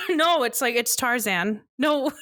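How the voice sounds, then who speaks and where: A woman's voice: on the high side, fairly bright tone, dry recording, clean studio sound. A young woman co-hosting a podcast, telling a story in a casual chat with her brother and laughing often as she talks. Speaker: podcast co-host.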